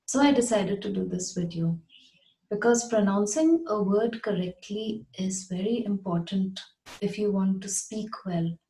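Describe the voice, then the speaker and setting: Woman, English pronunciation teacher, slow and patient, mellow tone, roomy echo. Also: mid-range voice. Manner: patient, repeats words slowly and clearly. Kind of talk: slow, deliberate pronunciation lesson.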